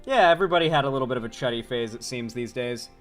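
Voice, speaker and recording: A man's voice: mid-range voice, lively intonation, racing, fairly bright tone, faint music behind. A man doing casual livestream commentary, reading chat messages and swearing freely. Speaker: streamer and political commentator.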